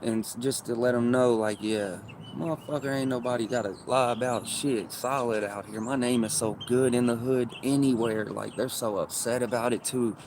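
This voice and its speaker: A man's voice: mid-range voice, steady tone, normal speed, hardly any pauses, background noise. A man livestreaming and chatting casually with viewers, rambling in loose, profane street slang.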